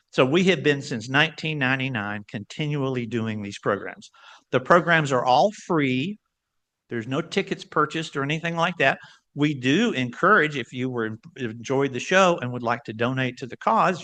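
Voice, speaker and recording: Animated older man, bright voice. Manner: animated storyteller, varies pitch and pace for emphasis. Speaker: guest speaker. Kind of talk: lively club talk. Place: club meeting room.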